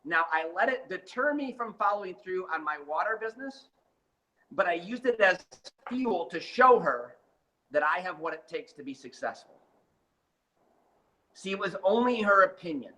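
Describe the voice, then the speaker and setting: A man's voice: high-pitched, normal speed, rough recording. A man telling his life story in an interview, emphatic and dramatic, getting fired up as he speaks. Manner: gets fired up and animated. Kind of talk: motivational storytelling.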